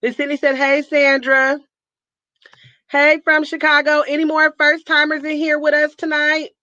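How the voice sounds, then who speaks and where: High, bright-voiced woman hosting a livestream. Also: completely flat delivery, normal speed, dry recording, highs cut off. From Northern California. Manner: upbeat, hypes viewers with call-outs and nicknames. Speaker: livestream host. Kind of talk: casual livestream chat, reading out viewer comments.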